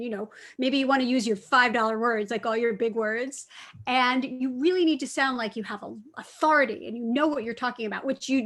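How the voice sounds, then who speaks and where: A middle-aged woman author chatting with students, telling stories in a lively way and correcting herself as she goes. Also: on the high side. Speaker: cookbook author and food writer. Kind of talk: casual talk answering students' questions.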